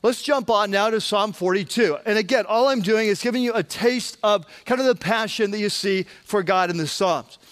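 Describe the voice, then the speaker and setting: High-voiced guy preaching, chatty sermon, lots of restarts and little asides to the crowd. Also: moderate pace, few pauses, a bit bright. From Southern California. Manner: conversational, with frequent restarts and asides to the congregation. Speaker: pastor.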